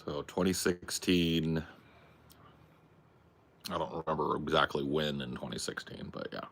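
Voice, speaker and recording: A man's voice: unhurried, vocal fry, fairly bright tone, a little hiss or hum. A man streaming from home, answering viewer questions in a casual, offhand way. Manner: talks baby-talk to his dog in a high voice. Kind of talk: casual live-stream chat. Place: home, near a porch.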